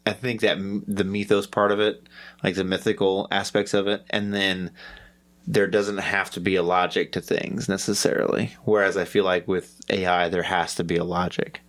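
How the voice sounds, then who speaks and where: A man's voice: low-pitched, little pitch movement, moderate pace, a bit bright. A man co-hosting a podcast, talking through his thoughts in a rambling, hesitant, self-deprecating way. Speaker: podcast co-host. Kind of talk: casual podcast discussion.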